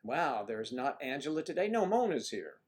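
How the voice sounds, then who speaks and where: A man's voice: medium pitch, sing-song, normal speed. A man hosting a casual livestream, rambling playfully and greeting viewers by name. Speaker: livestream host.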